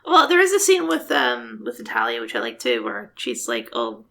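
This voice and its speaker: A woman's voice: rumbling low, huge pitch swings, moderate pace, creaky, bright, forceful tone. A woman co-hosting a podcast, making wry, playful comments on a film and mimicking sound effects. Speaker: podcast co-host. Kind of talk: casual film recap chat.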